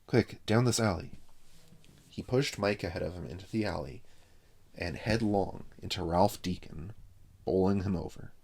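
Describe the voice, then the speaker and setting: A man with a very low, gravelly voice reads a chapter of a children's book aloud. He narrates plainly and steadily. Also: moderate pace, a little mellow. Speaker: reader. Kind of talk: reading a novel aloud.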